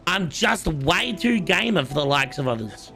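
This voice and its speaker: A man's voice: fairly high pitch, very animated, normal speed, sharp tone. A man with an Australian accent, casually commentating his game on a live stream and bantering cockily with chat. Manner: playful, cocky banter with chat.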